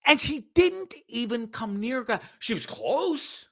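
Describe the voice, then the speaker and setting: This is a male show host ranting over a video clip in a bright, sharp voice. His pitch swings widely, and he talks in a profane, sarcastic and animated way. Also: slow pace, creaky.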